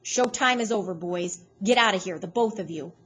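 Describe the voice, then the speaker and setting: A woman reading aloud, voicing a surly, threatening man with curt, loud lines. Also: medium pitch, moderate pace, slightly rough. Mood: menacing. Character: menacing tattooed man, gruff and surly. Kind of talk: read-aloud storytelling.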